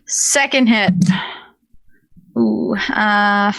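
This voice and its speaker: A woman's voice: medium pitch, steady tone, extremely slow, creaky, sharp tone, no echo, rough recording. A woman playing a tabletop game, calling out her rolls and checking the rules. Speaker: player.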